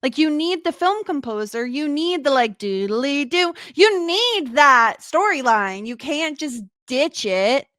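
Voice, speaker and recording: A woman co-hosting a podcast, chatting casually about a film in an animated, playful, emphatic way. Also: sits high, unhurried, few pauses, no room sound, clean studio sound. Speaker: podcast co-host. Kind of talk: casual chat.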